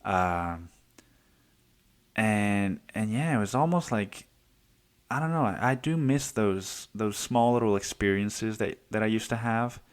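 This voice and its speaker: Guy rambling on his podcast, swearing a lot, lowish voice, keeps cutting himself off. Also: lively intonation, a little slow. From United States. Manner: rambling, profane, self-interrupting. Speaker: podcast host. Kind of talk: casual solo podcast monologue.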